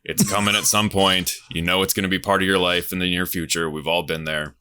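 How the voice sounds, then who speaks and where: A man in his thirties with a low, bright voice tells a long anecdote in a casual, rambling way. He restarts often and piles on fillers as a contestant on a game show. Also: flat delivery, a little fast, clean tone. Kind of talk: casual storytelling.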